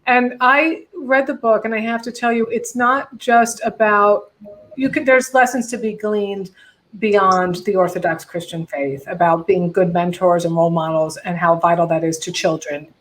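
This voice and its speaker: A woman hosting a casual video chat with comedian friends, joking with dark humor. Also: mid-range voice, fairly even intonation, moderate pace, poor audio. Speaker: host.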